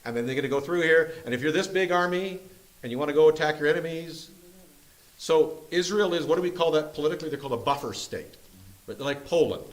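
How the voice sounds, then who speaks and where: A man's voice: fairly high pitch, fast talker, low-quality recording. A man leading a Bible study group, teaching from a map in a playful, joking way. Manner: jokey and playful, often laughing. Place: church meeting room.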